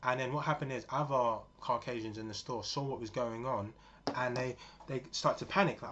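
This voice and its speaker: A man's voice: medium pitch, steady tone, normal speed, fairly bright tone. A man in his forties giving a rambling, earnest, casual monologue with many fillers. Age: 40s. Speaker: vlogger. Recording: dull lo-fi with faint noise.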